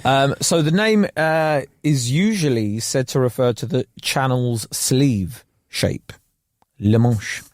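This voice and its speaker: A man's voice: medium pitch, slow, darkish tone, no echo, clean studio sound. A man co-hosting a casual podcast chat, rambling with lots of fillers and laughing often. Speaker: podcast co-host.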